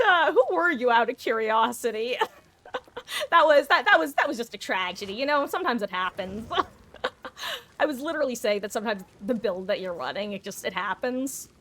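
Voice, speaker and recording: A woman's voice: a little high, fairly bright tone. A young woman from New Jersey, rambling and giggly as she chats through a live game stream. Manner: rambling, giggly, self-deprecating, many restarts. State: short of breath. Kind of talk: casual live-stream commentary while playing.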